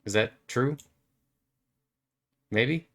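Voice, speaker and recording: A man talks his way through a video game in a loose, playful ramble. He stammers and fills pauses with ums and likes, and his voice sits at an ordinary middle pitch. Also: a bit bright. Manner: playful, meandering, stammering, with frequent fillers. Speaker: gamer. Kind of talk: rambling gameplay commentary.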